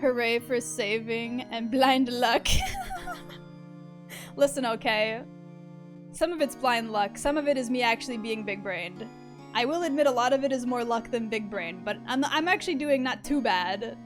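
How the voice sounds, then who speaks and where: A woman's voice: fairly high pitch, unhurried. A young woman streaming a game, chatting casually, giggling and swearing freely. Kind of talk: casual let's-play commentary. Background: game music.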